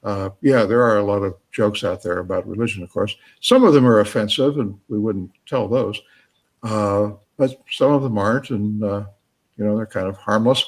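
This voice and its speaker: A man, an author, answering audience questions in a halting, chuckling way with plenty of fillers. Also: on the low side. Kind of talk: live Q&A talk.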